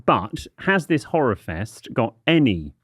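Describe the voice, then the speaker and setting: A British man co-hosting a podcast, talking in a lively, precise way with a lecturing tone when he explains facts. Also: medium pitch, a little slow, breathy edge, no echo, clean studio sound. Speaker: podcast co-host. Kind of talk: casual podcast chat with explainer segments.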